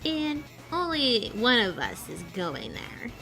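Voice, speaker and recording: Cocky male rogue, a woman doing it, bright lively voice, music underneath. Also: a little high, slow, exaggerated voice. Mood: smug. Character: scheming male rogue with time watches. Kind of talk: fan audio drama acting.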